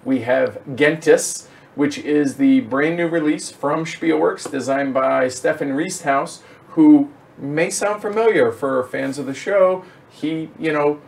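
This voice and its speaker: A man's voice: fairly high pitch, creaky, a little mellow, recorded from a distance. A man hosting a board game show, talking in an upbeat, chatty way with plenty of fillers. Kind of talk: casual chat.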